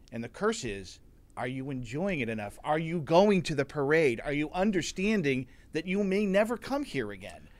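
A man co-hosting a podcast interview, asking thoughtful, probing questions. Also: medium pitch. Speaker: podcast co-host.

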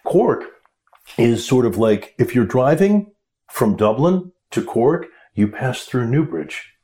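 A middle-aged American man, an actor, telling stories in a casual interview with lively, laughing delivery. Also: medium pitch, slow, a little hiss or hum. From United States. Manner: animated storyteller, laughs while talking. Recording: roomy echo.

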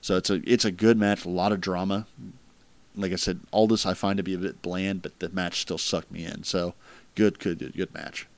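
Deep-voiced man chatting casually. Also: steady tone, fairly quick. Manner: rambling, filler-heavy, laughs at crude jokes. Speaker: podcast host ranking wrestling matches. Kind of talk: casual chat.

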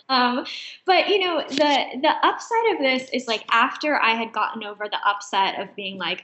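Woman, high voice, animated storyteller, laughs often, roomy echo. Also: normal speed. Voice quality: high-pitched voice. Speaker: interview guest. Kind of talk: conversational storytelling.

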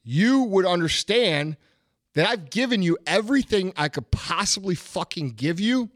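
A middle-aged man hosting a podcast delivers a motivational rant that is blunt, profane and heavily repetitive, stressing his points hard. His voice sits high with lively intonation at normal speed, and the recording is dry, clean studio sound.

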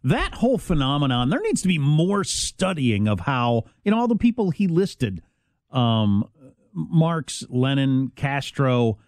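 A man's voice: mid-range voice, sing-song, unhurried, darkish tone, no room sound, clean studio sound. A man hosting a talk radio show, chatting in a wry, joking way. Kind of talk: casual talk radio banter.

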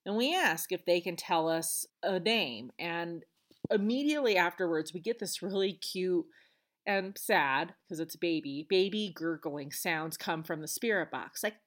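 A woman's voice: on the low side, lively intonation, unhurried. A woman hosting a podcast, retelling events alone in a chatty, earnest way with casual asides. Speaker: podcast host. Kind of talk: solo podcast storytelling.

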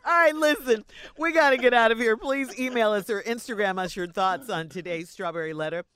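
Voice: mid-range voice, brisk, a bit bright. A radio co-host closing the segment and inviting listeners to write in.

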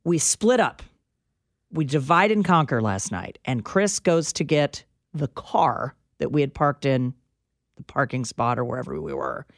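A woman co-hosting a radio talk show, telling an anecdote in a dramatic, animated storytelling manner on a studio mic. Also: a bass voice, measured pace, vocal fry, dry recording. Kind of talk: casual chat storytelling.

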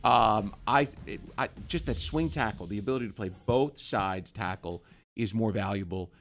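A man co-hosting a sports talk show, arguing his view on players in a lively, opinionated way. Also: fairly low pitch, faint music behind. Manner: lively, opinionated, quick to push back. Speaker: sports radio co-host.

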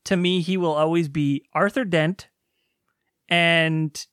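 Podcast co-host, mid-pitched, dry sound, laughs a lot and hedges. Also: steady tone, slow pace, fairly bright tone, clean tone, dry recording. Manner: giggly, hesitant, filler-heavy. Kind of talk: casual chat.

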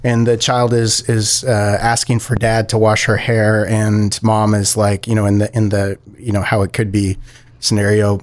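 A man's voice: fairly low pitch, little pitch movement, moderate pace, darkish tone. A man co-hosting a casual podcast, telling stories in a rambling way and often correcting himself. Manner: rambling, self-correcting storyteller. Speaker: co-host.

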